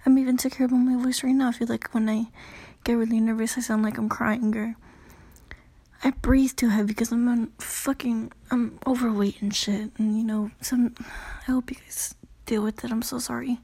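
On her own podcast, a young woman in her late teens talks in a self-conscious ramble, swearing a lot and plugging pauses with "you know" and "I don't know." Her slightly high voice is gravelly and mellow with a breathy edge, delivered flatly at a moderate pace.

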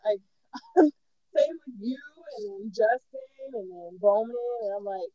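A woman's voice: medium pitch, measured pace, no echo. Woman, casual storytelling, frequent laughter, muffled lo-fi recording. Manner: laughs often, animated storytelling. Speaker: podcast co-host. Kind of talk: casual chat.

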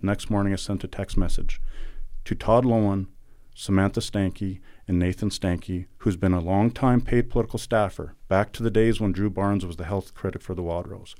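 Earnest middle-aged man, low mellow voice. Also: moderate pace, no echo, studio quality. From Alberta, Canada. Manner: earnest and indignant, emphatic recounting. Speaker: podcast guest. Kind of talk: conversational interview storytelling.

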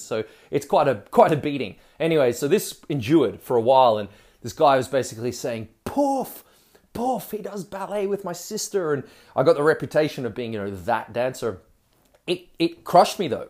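A man telling a personal story in a casual, chatty way, with frequent asides and laughs. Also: medium pitch.

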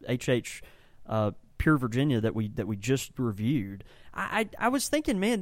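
A man's voice: mid-range voice, no room sound. A man co-hosting a casual podcast from a tobacco shop, talking enthusiastically and rambling through descriptions. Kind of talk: casual chat.

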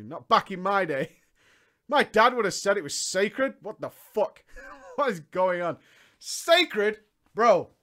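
A man's voice: high-pitched, sharp tone. A man reading a story aloud and breaking into mocking asides, laughing often as he comments.

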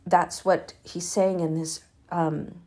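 Speaking slowly in a fairly low, level voice with a dark tone, a chatty woman retells Bible stories as a podcast host. Her casual reading and commentary are informal and full of fillers. Her emphasis climbs with earnest fervor whenever she urges prayer.

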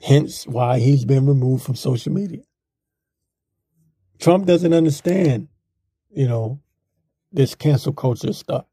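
A man's voice: mid-range voice, slow, long pauses, dark tone, husky, no echo, studio quality. A man giving a casual, rambling political opinion monologue in a blunt, mocking manner. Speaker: political commentator.

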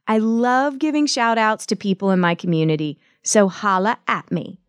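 A woman's voice: medium pitch, normal speed, dry recording, studio quality. A woman in her forties with a Southern US accent, hosting a podcast and interviewing a guest with gushing, exclamatory energy. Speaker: podcast host.

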